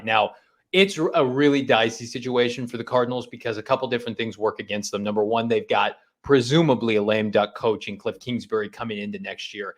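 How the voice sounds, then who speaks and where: A man's voice: mid-range voice, steady tone, fairly quick. A man co-hosting a sports talk show, casually breaking down betting odds and coaching moves. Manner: analytical, talks through betting odds with restarts.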